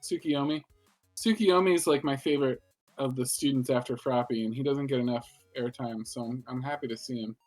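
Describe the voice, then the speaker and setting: A man's voice: medium pitch, fairly quick, a little mellow, faint music behind. A man co-hosting a podcast, casually discussing an anime and skeptically teasing his partner. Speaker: podcast co-host.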